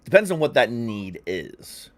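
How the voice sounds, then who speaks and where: A man's voice: medium pitch, very animated, measured pace, a bit bright. A man co-hosting a podcast, talking candidly in casual conversation with frequent ums. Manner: candid, filler-heavy talk with frequent ums. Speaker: podcast co-host.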